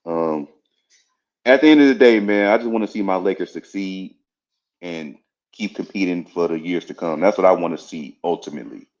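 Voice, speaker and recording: A man's voice: sits low, normal speed, darkish tone, dull audio. A laid-back man hosting a livestream and wrapping up the chat. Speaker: stream host.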